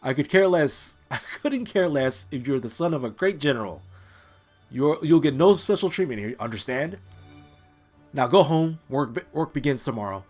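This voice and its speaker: A man's voice: fairly high pitch, animated, normal speed, darkish tone, faint music behind. A man voicing an arrogant, dismissive male commander in a game, reading his lines in a sneering, raised voice.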